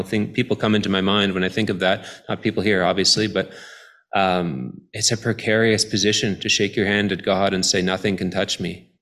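Preaching a sermon in a conversational manner, this man builds toward emphatic appeals. His voice is fairly low in pitch but fairly bright in tone.

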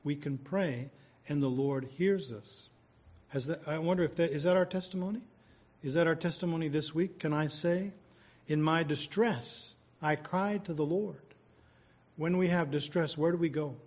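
A man's voice: a little high, fairly even intonation, normal speed, a little mellow. A man preaching a sermon, reading scripture, praying and asking the listeners rhetorical questions in an earnest, conversational way.

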